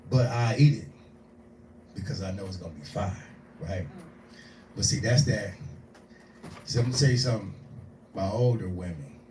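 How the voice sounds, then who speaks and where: A man in his forties doing live stand-up, telling a profane, animated story and acting out the voices in it. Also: on the low side, slight background noise. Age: 40s. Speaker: stand-up comedian. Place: small live venue. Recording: echoey room, distant mic.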